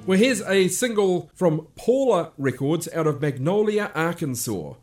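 A man hosting a radio show, introducing records in measured, informative DJ patter. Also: on the high side, expressive, a little mellow, faint music behind.

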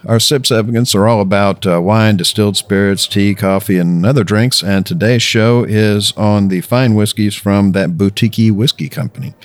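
A man hosting a casual drinks podcast, joking and rambling with filler pauses. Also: fairly low pitch, no room sound. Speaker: podcast host.

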